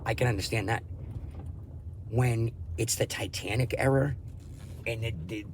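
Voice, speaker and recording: A man's voice: mid-range voice, fairly even intonation, unhurried, a little hiss or hum. A man hosting his own channel, delivering a crude, combative, profane ranting monologue. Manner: crude, combative, lots of swearing. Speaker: channel host.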